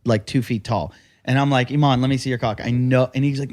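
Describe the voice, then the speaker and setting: A man co-hosting a comedy podcast, spinning crude, jokey stories in loose, casual banter. His voice sits at an ordinary middle pitch for a man. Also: fairly even intonation, quick pace, a little mellow. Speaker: podcast co-host.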